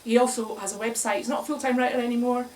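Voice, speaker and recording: A woman's voice: a little high, steady tone, rapid-fire, a little mellow. A woman giving a comic talk to a live bar audience, wry and chatty, often laughing at her own jokes. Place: bar, indoors, in front of an audience. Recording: distant mic with faint room noise.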